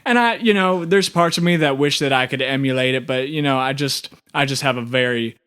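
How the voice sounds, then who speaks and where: A man's voice: mid-range voice, brisk, fairly bright tone, clean tone, lightly acted. A man voicing a small, earnest, goofy male alien radio co-anchor in a comedy audio drama, rambling and enthusiastic.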